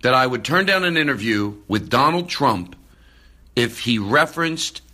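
A man hosting a podcast, talking casually and excitably, with many restarts, recorded into a phone. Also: mid-range voice, moderate pace. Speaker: podcast host. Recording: phone recording, far from the mic.

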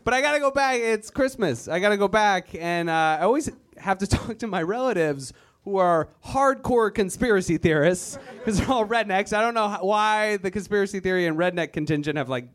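A man's voice: high voice, a bit bright. A man from Virginia doing a stand-up comedy set on a club stage, mocking the voices of the people he describes. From Virginia, USA. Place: comedy club stage before a live audience.

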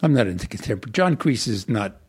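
An older man, an actor, telling rambling, animated stories in an interview. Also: on the low side, brisk, husky. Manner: animated, digressive storyteller. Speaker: actor guest. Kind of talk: rambling anecdotal interview talk.

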